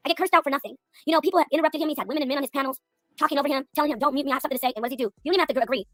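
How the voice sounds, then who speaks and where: A woman arguing heatedly on a livestream, talking fast, cursing and cutting in over the others. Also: high-pitched, a bit bright, no room sound, studio quality, faint music behind. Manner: rapid, profane, indignant, talks over others. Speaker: livestream panel guest.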